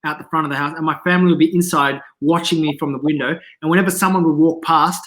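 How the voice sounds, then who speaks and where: A man, a comedian guest in a casual interview, telling animated anecdotes and laughing often. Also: fairly high pitch, quick pace. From Australia.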